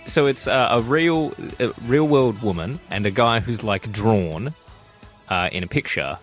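A man with an Australian accent, hosting breakfast radio in jokey, animated banter. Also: on the low side, unhurried, faint music behind. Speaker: radio host. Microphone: studio mic.

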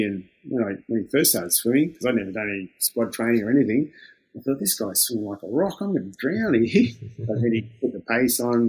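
Husky older Australian man yarning. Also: fairly low pitch, darkish tone. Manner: laid-back yarning, acts out quoted exchanges, chuckles often. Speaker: interviewee, former lifeguard. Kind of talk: casual storytelling.

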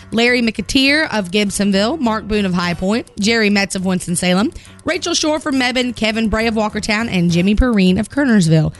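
A woman radio morning show host telling a story and reading announcements in an expressive, laughing way, her voice rising when she gets excited. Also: mid-range voice. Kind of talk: chatty on-air storytelling and announcements.

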